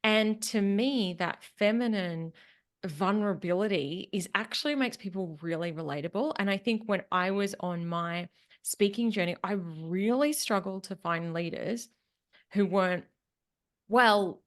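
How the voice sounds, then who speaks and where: A woman's voice: mid-range voice, normal speed. A woman speaking coach as a podcast guest, talking animatedly and acting out quotes in mock voices. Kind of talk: casual interview chat.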